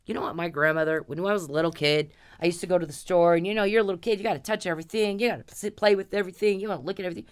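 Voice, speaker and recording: Low-voiced woman angrily scolding. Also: racing, hardly any pauses, clear, resonant tone. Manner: confrontational, profane, scolding. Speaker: vlogger. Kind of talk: angry direct-to-camera rant.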